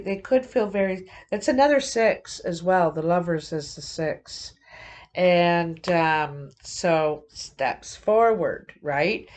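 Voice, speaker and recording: A woman giving a casual tarot reading, thinking aloud in a halting, musing way with many fillers. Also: mid-range voice, darkish tone. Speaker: tarot reader.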